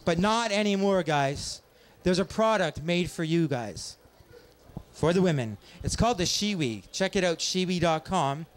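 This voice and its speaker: A man doing a stand-up comedy set on a small pub stage, with a wry, deadpan delivery and quick asides to the crowd. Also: sits high. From Ontario, Canada. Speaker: stand-up comic.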